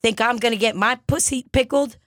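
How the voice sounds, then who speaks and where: A woman's voice: on the high side, fairly quick, no echo, studio quality, lightly acted. Woman playing a brassy Long Island psychic. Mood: brash. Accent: Long Island, put on. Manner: brassy, bossy, rambling. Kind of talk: improvised comedy sketch.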